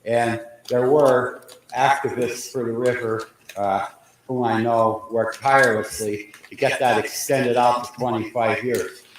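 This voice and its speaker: A man speaking at a public meeting, explaining in a measured way. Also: mid-range voice, steady tone. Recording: echoey room with faint noise.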